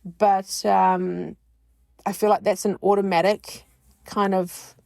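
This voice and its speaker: A woman's voice: mid-range voice, little pitch movement, slow pace, vocal fry, a little mellow, no echo. Frank, swearing woman podcast host. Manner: blunt and frank, swears freely; laughs often while talking. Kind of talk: candid personal monologue.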